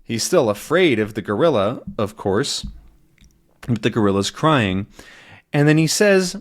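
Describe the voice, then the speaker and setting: A man's voice: mid-range voice, expressive, a little slow. A man teaching English to learners by reading a comic aloud and explaining its words in plain language.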